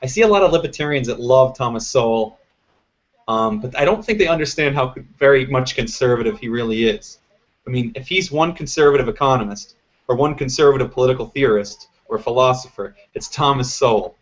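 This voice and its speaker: A fairly quick, medium-pitched male host runs a live political panel show. His talk is rambling, forceful and full of opinions, and the sound comes through as lo-fi web stream audio.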